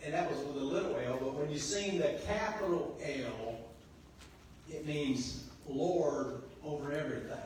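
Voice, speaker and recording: Pastor preaching in a very echoey hall. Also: male voice, fairly high pitch, a little slow, recorded from a distance, a little hiss or hum. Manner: preaching with call-and-response, swinging between quiet and loud passages. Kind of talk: sermon. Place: church sanctuary. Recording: very echoey church hall, voice from afar.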